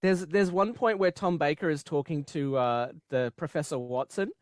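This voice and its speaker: A podcast co-host chatting casually, laughing often and acting out scenes in quick little voices. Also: mid-range voice, darkish tone, no echo, studio quality. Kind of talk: casual chat.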